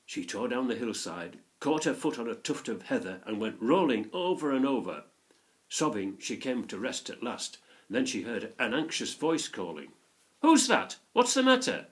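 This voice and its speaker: A man reading a children's story aloud in an expressive storytelling manner. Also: mid-range voice, moderate pace. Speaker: narrator.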